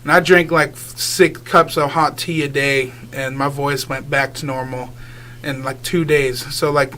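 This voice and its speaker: A man's voice: mid-range voice, little pitch movement, unhurried, bright, forceful tone. A young man, a guest singer, talking casually in a radio interview, rambling with lots of filler words and easy laughs. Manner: rambling, many filler likes, laughs easily.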